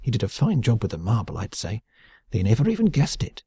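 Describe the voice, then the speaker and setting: A man voicing a frail, cackling old prisoner with a raspy voice in an audiobook. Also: lowish voice, huge pitch swings, brisk, dark tone, no room sound, clean studio sound, exaggerated voice. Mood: boastful. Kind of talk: audiobook character voice.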